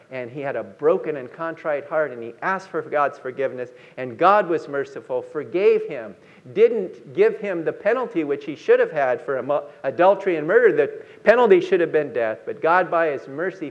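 A man preaching a sermon, telling a Bible story with slow, emphatic lines. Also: high-pitched, dull audio. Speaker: pastor.

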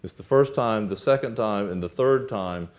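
A man's voice: on the low side, moderate pace, a little mellow. A male preacher retelling a Bible story in a sermon, acting out the characters' lines as he goes.

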